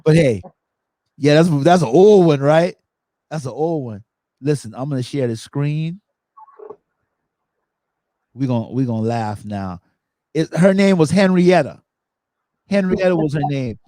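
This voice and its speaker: A man hosting a podcast in casual chat, telling funny stories with animated energy and acting out quotes. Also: a little high, a little slow, pauses often, dry recording. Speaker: podcast host.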